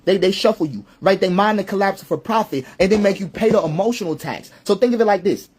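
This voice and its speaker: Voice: medium pitch, fast talker, a little mellow, slightly rough. A social commentator delivering an impassioned monologue, repeating phrases for emphasis, asking rhetorical questions and running through lists of points.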